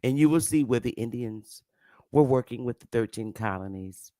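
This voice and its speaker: A woman's voice: very deep voice, normal speed, mellow, no echo, studio quality. A woman giving a casual, emphatic lecture to camera, with repetitive, preachy asides. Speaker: self-styled history teacher.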